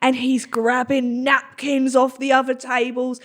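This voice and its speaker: A woman's voice: high voice, monotone, measured pace. A young woman hosting a podcast, chatting casually, reacting with exclamations and swearing as she tells a story of her own. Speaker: podcast host.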